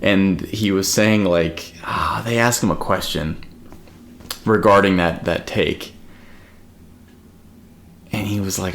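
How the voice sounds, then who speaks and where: Low-voiced man rambling in casual chat. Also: a little slow, gravelly, pauses often, fairly bright tone. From United States. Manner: rambling, filler-heavy storytelling. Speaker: podcast co-host.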